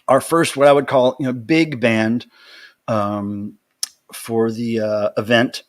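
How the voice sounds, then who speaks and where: Chatty man hosting a home livestream. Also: medium pitch. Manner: chatty, greets viewers by name, rambling asides. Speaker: livestream host. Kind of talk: casual livestream chat.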